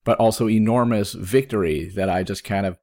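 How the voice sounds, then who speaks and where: A man in his thirties, a podcast host, telling a personal story in casual chat, with sudden jumps up in pitch when he quotes himself. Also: a little fast, a little mellow. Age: 30s.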